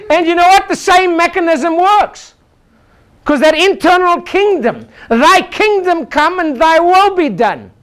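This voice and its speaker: A man's voice: extremely high pitch, lively intonation, slow, a bit bright. An older man, a chiropractor, giving an exclamatory motivational seminar talk and leading the audience in call-and-response chants. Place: lecture room with a live audience.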